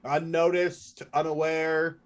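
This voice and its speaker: A man acting as game master, chatting casually and thinking aloud while fiddling with game software. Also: a little high, little pitch movement, takes it slowly, smooth. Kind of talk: running a tabletop game online.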